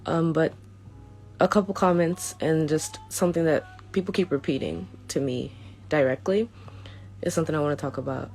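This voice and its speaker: A young woman vlogger reads a prepared statement to her followers in a low, darkish voice. She sounds earnest and a little hesitant, often stopping to begin her sentences again.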